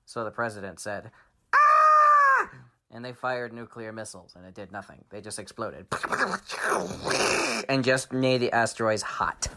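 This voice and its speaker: A man hosts a children's story podcast, improvising a tale with shouted sound effects and dramatic hushed asides. His voice is on the low side, at a moderate pace.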